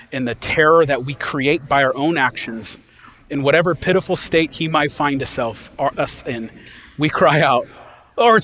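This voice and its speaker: A pastor delivering an impassioned sermon in a folksy, casual way, swinging from loud emphasis to hushed quiet. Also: male voice, medium pitch.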